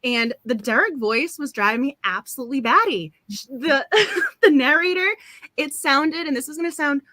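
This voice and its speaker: Bright-voiced chatty woman host. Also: sits high, expressive, normal speed, no room sound. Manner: chatty, giggly and apologetic. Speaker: book club host. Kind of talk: casual live-stream chat.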